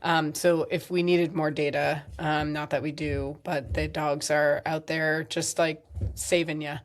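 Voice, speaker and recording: A woman co-hosting a podcast in casual chat, chatty and quick to laugh. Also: sits low, flat delivery, a little hiss or hum. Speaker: podcast co-host.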